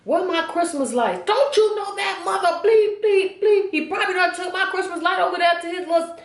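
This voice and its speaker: A woman voicing her fed-up, angry mother in her fifties, loud and heated. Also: sits high, lively intonation, fast, roomy sound, pitched above the performer's own voice. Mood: furious.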